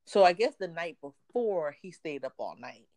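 A woman in her thirties tells a funny story about home in casual chat, laughing and animatedly acting out what people said. Her voice is lowish, at normal speed, in a dry recording.

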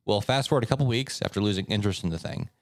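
A man co-hosting a podcast, telling stories in a casual, animated way. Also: racing, no room sound, clean studio sound. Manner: animated storyteller, swoops up in pitch for effect. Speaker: podcast co-host. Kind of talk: casual chat, reading stories aloud.

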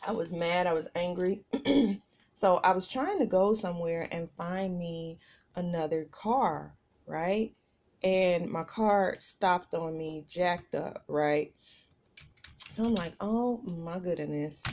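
A woman's voice: on the low side, slow, darkish tone. A woman hosting a podcast, telling a personal story in a chatty, casual way and talking straight to her listeners. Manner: chatty, addresses listeners as "y'all". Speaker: podcast host.

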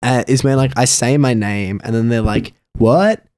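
A man's voice: medium pitch, steady tone, normal speed, a little mellow, clear, resonant tone, dry recording, studio quality. A young man, a podcast guest chatting casually, rambling with lots of fillers and frequent laughter. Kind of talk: casual chat.

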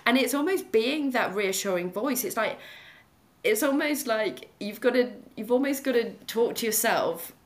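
A woman's voice: a little high, expressive, moderate pace. A woman, a mindfulness teacher chatting casually on a podcast in a reassuring, talkative way.

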